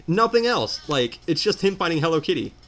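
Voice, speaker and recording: Guy ranting over a game, fed up, voice jumping all over, kinda high. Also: fairly quick. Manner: animated, exasperated ranting. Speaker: let's player. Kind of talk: ranting commentary over gameplay.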